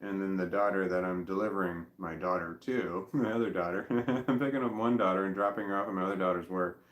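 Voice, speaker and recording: A middle-aged man vlogging in casual chat, rambling and halting, with blunt swearing. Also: deep voice, steady tone, fairly bright tone, echoey room.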